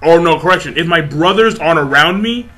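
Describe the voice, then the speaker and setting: A man's voice: a little high, expressive, a little fast, pushed and bright, rough recording. A man voicing a cocky young male mafia boss who is weak without his men, in a mocking paraphrase.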